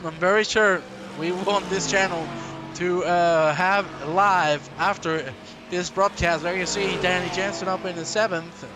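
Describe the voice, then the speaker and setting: High-pitched joking race commentator. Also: male voice, unhurried, background noise. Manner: animated, jokey, hypes the viewers. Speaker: lead sim racing commentator.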